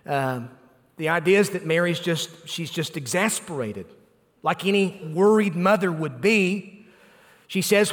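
A man's voice: a little high, normal speed. Preaching man in a reverberant hall. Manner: earnest preaching with emphatic repetition and frequent "uh" fillers. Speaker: pastor. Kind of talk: sermon.

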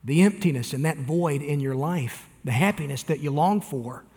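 A man's voice: on the high side, moderate pace, a little mellow. Earnest male preacher in a reverberant hall. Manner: earnest preaching with direct appeals to listeners. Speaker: pastor. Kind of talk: sermon.

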